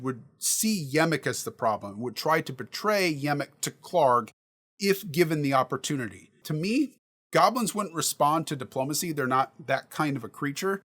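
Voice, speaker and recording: A man's voice: fairly high pitch, a bit bright. A man who runs tabletop games, talking casually through how he prepares, reasoning aloud with examples. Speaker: dungeon master giving prep advice. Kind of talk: casual instructional talk.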